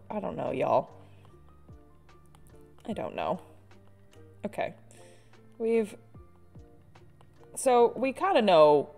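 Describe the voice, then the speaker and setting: A woman's voice: lowish voice, creaky, mellow. A woman artist chatting casually and poking fun at herself while she draws on a live stream. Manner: chatty, self-mocking, with frequent laughs and sighs.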